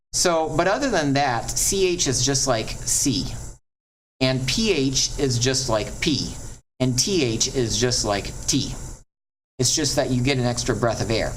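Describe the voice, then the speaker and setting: A man teaching a Latin pronunciation lesson at a board, chatty and encouraging, drawing out example words slowly. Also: medium pitch, slight background noise, rough recording.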